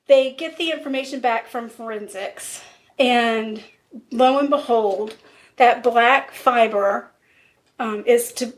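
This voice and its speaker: A woman co-hosting a podcast, telling a true-crime story in a casual way and acting out the quoted dialogue. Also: on the high side. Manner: lively retelling with quoted dialogue.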